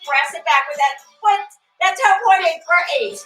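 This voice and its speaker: A woman's voice: extremely high pitch, moderate pace, a bit bright. A female fitness instructor leading a barre workout class, cueing moves, counting reps and chatting with class members by name. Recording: echoey room, voice from far off, faint music.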